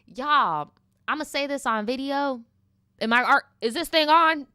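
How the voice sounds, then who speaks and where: A young woman chatting casually during a mukbang, telling stories in an animated, slangy way with laughing asides. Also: high-pitched, measured pace, no echo, clean studio sound. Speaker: mukbang vlogger. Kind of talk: casual chat while eating.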